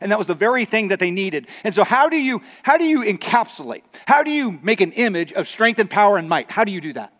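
A man's voice: high-pitched, sing-song, fast talker, hardly any pauses, fairly bright tone. A man preaching a sermon as pastor, conversational with acted asides. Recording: long reverb of a large hall.

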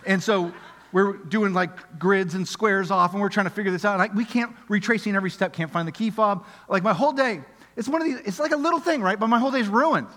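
Preacher guy, middle-aged, fairly high voice, chatty then earnest, echoey church with some music behind. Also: brisk. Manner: animated, conversational, swings from loud excitement to quiet earnest appeals. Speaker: pastor. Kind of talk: sermon with storytelling. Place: church auditorium. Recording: music under voice in a reverberant hall.

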